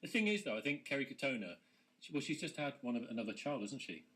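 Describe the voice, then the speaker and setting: Fast-talking husky English comedy co-host. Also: male voice, mid-range voice. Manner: quick deadpan joker, silly asides. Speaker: radio co-host. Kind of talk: casual comedy chat. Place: local radio studio.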